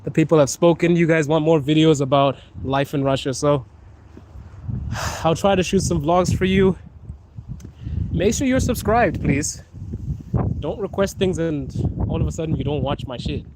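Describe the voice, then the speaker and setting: A young man from Africa, with a voice a touch higher than most men's, chats loosely with his viewers as he walks outside on a phone stream. He jokes, laughs easily and keeps things casual, with a faint hum of the street behind him. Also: normal speed, pauses often. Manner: joking, laughs often, chatty with viewers. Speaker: livestreaming vlogger. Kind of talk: casual livestream chat. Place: outdoors on a cold city street, walking.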